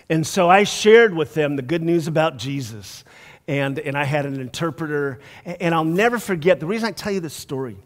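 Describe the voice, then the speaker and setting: A male pastor giving a conversational storytelling sermon, laughing often and dropping soft for emphasis. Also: medium pitch. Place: church sanctuary. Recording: long church hall reverb.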